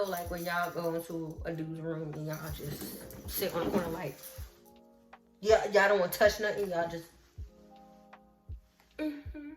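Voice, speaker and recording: A woman vlogger telling a story in casual chat, lively, acting out what people said and talking straight to her viewers. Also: mid-range voice. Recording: roomy echo with faint music.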